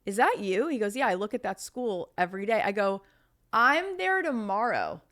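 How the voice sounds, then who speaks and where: A woman in her thirties, a podcast guest telling stories in casual conversation, chatty and animated with lots of fillers. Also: medium pitch, fast.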